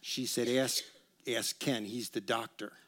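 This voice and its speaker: Pastor preaching with playful humor. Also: male voice, mid-range voice, steady tone, a little slow, bright, forceful tone. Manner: conversational preaching with humor and call-and-response. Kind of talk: sermon. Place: church sanctuary.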